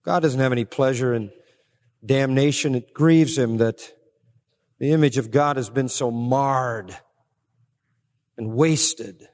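A man preaching a sermon emphatically, pressing some words hard and dropping low and slow on others. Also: darkish tone. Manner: emphatic, swings between raised stresses and low, slow drops. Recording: long reverb of a large hall.

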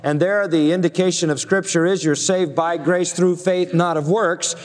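A man's voice: high voice, steady tone, normal speed, in a large hall. A man preaching a sermon, emphatic and driving, often using rhetorical questions. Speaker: pastor.

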